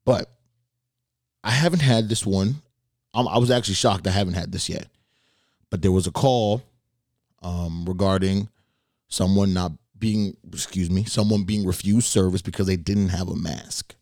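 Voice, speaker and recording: A relaxed, low-voiced man hosting a podcast, spinning a story in a loose, wry way with plenty of casual swearing. His voice sits close and dry, with no room sound around it. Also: normal speed, long pauses, dry recording. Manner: laid-back, profane and wry. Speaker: podcast host.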